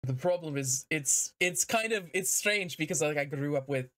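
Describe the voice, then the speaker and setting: A woman's voice: deep voice, moderate pace, fairly bright tone. A woman streamer in casual let's-play commentary, rambling and self-deprecating and laughing often.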